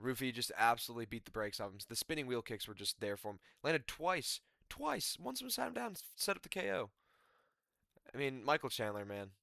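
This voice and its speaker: Young male, animated casual fight-recap voice, bright and dry, slangy rambling delivery. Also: medium pitch, brisk, vocal fry, dry recording. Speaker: MMA commentator.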